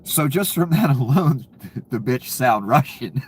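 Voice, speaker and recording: A man's voice: medium pitch, animated, unhurried, husky. A man giving casual, profane political commentary, ranting and sarcastic, laughing at his own jokes.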